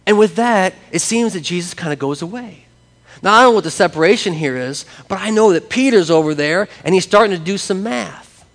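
A man preaching a sermon as pastor, animated and acting out the voices of people he quotes. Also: sits high, brisk, in a large hall.

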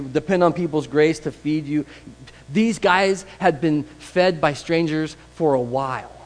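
Conversational pastor preaching in a hall. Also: male voice, fairly high pitch. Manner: conversational, animated, acts out quoted voices. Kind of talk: sermon.

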